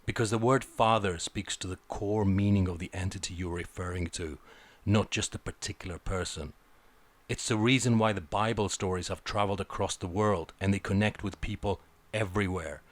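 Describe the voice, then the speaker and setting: A man's voice: deep voice, steady tone, normal speed. A man giving an opinionated film review, blunt and sarcastic, swearing freely.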